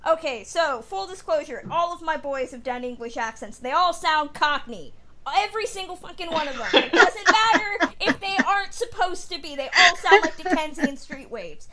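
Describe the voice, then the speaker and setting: A woman co-hosting a film podcast, joking and animated in casual chat. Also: extremely high pitch, moderate pace. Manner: joking, animated, laughs a lot. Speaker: podcast co-host.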